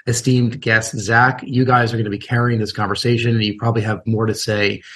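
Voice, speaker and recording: A man's voice: on the low side, little pitch movement, a little fast, slightly rough. A man hosting a podcast with a scratchy voice, casual and self-deprecating. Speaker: podcast host. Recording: faint background noise.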